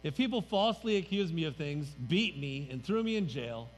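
A man's voice: on the high side, lively intonation, moderate pace. A man pastor preaching a sermon in a church sanctuary, conversational and emphatic, letting his voice drop at the ends of phrases. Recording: reverberant hall, faint music.

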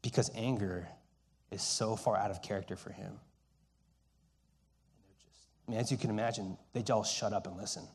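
A man preaching a sermon, telling stories and dropping between loud emphasis and hushed, quiet lines. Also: on the low side, fairly even intonation, normal speed, long pauses, slightly rough. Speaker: pastor.

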